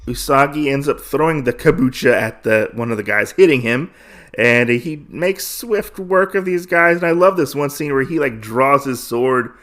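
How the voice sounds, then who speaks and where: A man's voice: mid-range voice, fairly bright tone. A man hosting a podcast, recapping a comic book in a casual, rambling way, full of fillers and restarts. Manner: acts out characters' lines in quick voices. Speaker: podcast host.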